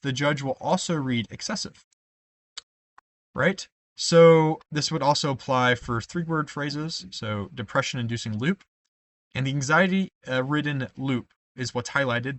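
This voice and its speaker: A young man, a debate coach, walks through debate card formatting step by step in a screen-share tutorial. His voice is medium-pitched and fairly bright with no echo, and he often says "um" and tosses in asides of "right?".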